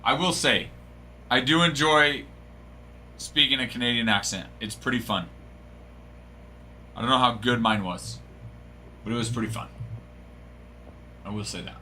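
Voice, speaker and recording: A man's voice: medium pitch, unhurried, long pauses, bright, forceful tone, a little hiss or hum. A man hosting a live card break stream, joking and bantering casually with viewers.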